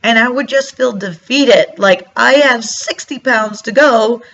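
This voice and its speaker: A woman's voice: a little high, measured pace, fairly bright tone. A woman giving casual motivational talk in a vlog, chatty, acting out her own past thoughts. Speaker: vlogger. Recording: slightly dull lo-fi sound.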